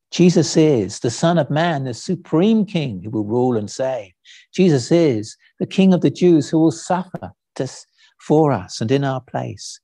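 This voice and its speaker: A man preaching a sermon, speaking slowly and deliberately, lifting his voice for quoted lines. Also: on the high side, mellow, husky, no room sound. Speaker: pastor. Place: church.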